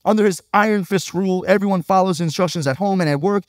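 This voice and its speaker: A man's voice: sits high, fast, no echo, clean studio sound. A male pastor preaching a sermon in a conversational way, often checking in with the congregation by asking "right?".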